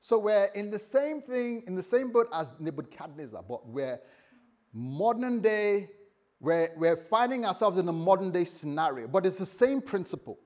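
A man preaching a morning sermon as pastor, repeating phrases and swinging between loud and soft. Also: high voice, moderate pace. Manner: lively, repetitive preaching with sudden loud and soft turns.

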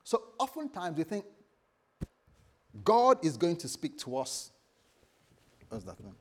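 A man preaching a morning sermon as pastor, repeating phrases and swinging between loud and soft. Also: fairly high pitch, slow, long pauses, slightly rough. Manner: lively, repetitive preaching with sudden loud and soft turns.

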